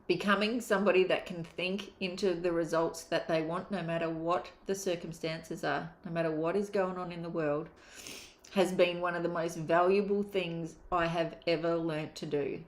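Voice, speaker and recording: A woman's voice: lowish voice, fairly even intonation, moderate pace. A woman, a mindset coach giving a candid, emphatic motivational course talk and swearing casually. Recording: roomy echo.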